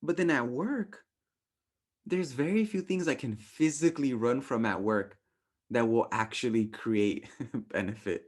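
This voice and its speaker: Young man, relationship workshop teacher, casual animated lesson, keeps asking "right?", mid-pitched voice. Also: a little slow. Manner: animated, acts out quotes with playful voices, says "right?" often.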